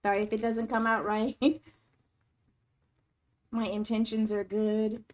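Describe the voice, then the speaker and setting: Woman host of a casual live chat, speaking gently and supportively to her viewers in a somewhat high voice. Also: little pitch movement, slow pace. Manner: warm, supportive, reads chat aloud. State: tearing up. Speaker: livestream host.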